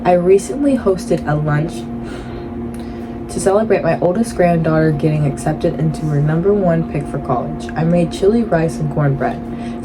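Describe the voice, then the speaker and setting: A woman casually reading online posts aloud as host, with playful, jokey asides. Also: sits low. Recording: loud air-conditioning hum. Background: air conditioning noise.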